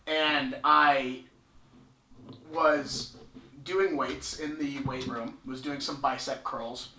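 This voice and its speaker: A man spins a long story in loose podcast chat, with a slightly high voice that has a bright, forceful edge. He swears casually and keeps the telling animated. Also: slight background noise. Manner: animated, swearing, laughing through his story. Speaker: podcast co-host.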